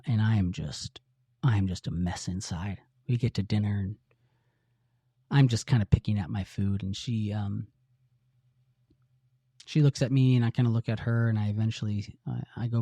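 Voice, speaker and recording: A middle-aged man tells his own story on a podcast in an earnest, halting way, often restarting his sentences. His voice is mellow and warm. It is recorded dry on a close mic. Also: on the low side, steady tone, no echo. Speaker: podcast host. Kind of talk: confessional personal storytelling.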